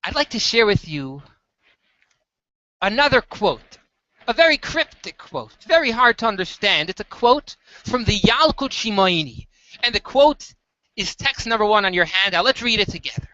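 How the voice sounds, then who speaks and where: A teacher telling a story to a class in a lively way, acting out the voices of the people in it. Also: medium pitch, moderate pace, dry recording, highs cut off. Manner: animated storyteller, acts out the dialogue. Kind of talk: storytelling lesson.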